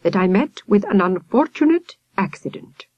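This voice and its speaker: A woman's voice: medium pitch, sing-song, moderate pace, a little mellow, husky, no room sound, dull audio, voice pushed up. A woman voicing a polite, formal older male professor in a storybook.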